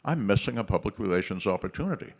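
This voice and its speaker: A man voicing a vain, excitable rich man in a joke, with shrill, agitated outbursts. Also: fast talker, gravelly, husky, exaggerated voice. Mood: eager.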